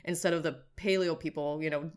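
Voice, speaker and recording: A woman nutritionist talking as a guest in a casual interview, lively and animated, acting out little quotes with big jumps in pitch. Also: a little fast, clean tone.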